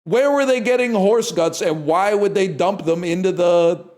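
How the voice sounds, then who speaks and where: A man's voice: high voice, moderate pace. A man from Canada chatting live on his stream, ranting and swearing at his chat. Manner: animated, profane ranting to chat.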